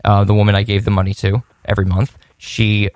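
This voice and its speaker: A man's voice: fairly low pitch, level tone, brisk, darkish tone, no echo, studio quality. A man telling a rambling personal story in a casual podcast chat, with many restarts and laughs.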